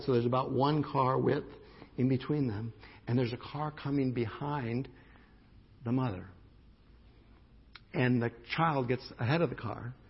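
Man, pastor, sermon, gravelly voice, conversational storytelling, dull lo-fi recording. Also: mid-range voice. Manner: conversational storytelling with emphatic restarts.

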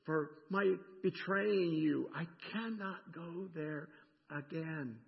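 Middle-aged man, pastor preaching a sermon, gravelly voice, dull echoey church recording. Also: a little high, slow pace. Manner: animated, swings from loud emphasis to hushed near-whisper. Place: church sanctuary.

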